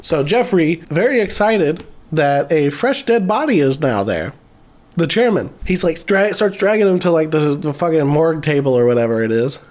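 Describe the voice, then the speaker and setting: A man's voice: on the high side, lively intonation, normal speed, darkish tone. A man with a slightly raised voice retells a movie's plot in a loose, rambling way. He swears constantly and leans on fillers, laughing to himself as he goes. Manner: profane, rambling storytelling with frequent fillers. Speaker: movie reviewer. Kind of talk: casual movie recap.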